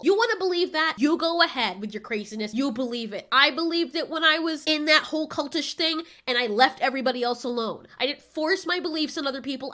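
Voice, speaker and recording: Woman, high-pitched, bright tone, casual rant, sarcastic, swears freely. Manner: mimics others with sharp pitch jumps. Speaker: vlogger.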